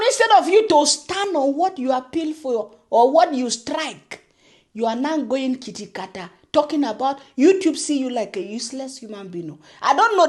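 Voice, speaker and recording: A young woman vlogger ranting sarcastically, scolding and laughing often as she reacts. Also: sits high. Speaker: YouTube commentary vlogger. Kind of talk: mocking reaction rant.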